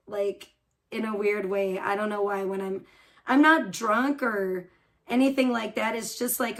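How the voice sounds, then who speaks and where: A woman hosting a live stream, chatting casually and rambling with frequent laughs as she answers her chat. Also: medium pitch. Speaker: livestream host.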